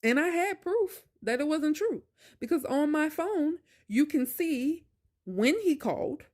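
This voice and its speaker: A woman's voice: high voice, animated, a little slow, darkish tone. A young woman vlogger telling a personal story in a casual, emphatic, colloquial way, with exasperated asides.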